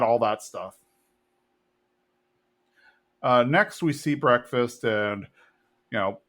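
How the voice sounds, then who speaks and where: A man from Texas talks through a TV episode on his podcast. He is casual and rambling, with plenty of fillers and small laughs. His voice sits at an ordinary middle pitch. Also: fairly bright tone. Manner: chatty and rambling, with fillers and chuckles. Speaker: podcast host.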